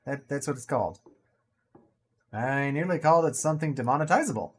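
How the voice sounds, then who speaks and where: Man, gaming commentary, casual, jokey, very animated pitch. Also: a little fast, breathy edge. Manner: chatty, playful, jokey asides. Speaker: gaming video creator. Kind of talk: casual let's-play commentary.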